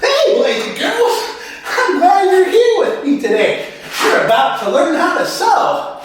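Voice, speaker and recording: Man playing a high, bouncy sewing-tutorial guy, clumsy and giggly, echoey room from afar. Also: very animated, a little slow, far from the mic, noisy background, full character voice. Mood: chipper. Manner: squealing with laughter, yelping. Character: goofy male sewing-machine video host, clumsy and cheery.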